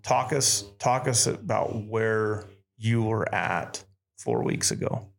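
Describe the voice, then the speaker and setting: A man hosting a casual interview podcast, talking earnestly and haltingly, repeating words as he gathers his thoughts. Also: on the low side, gravelly. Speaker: podcast host.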